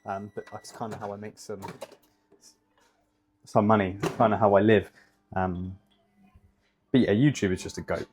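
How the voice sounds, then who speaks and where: A man's voice: lowish voice, steady tone, normal speed, long pauses, a little mellow, a little hiss or hum. A young man in casual vlog chat, rambling with many fillers and swearing, a fitness vlogger.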